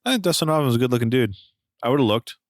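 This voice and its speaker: A man's voice: medium pitch, lively intonation, fast talker, dry recording, clean studio sound. A man co-hosting a casual film review podcast, talking with a wry, joking manner. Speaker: podcast co-host.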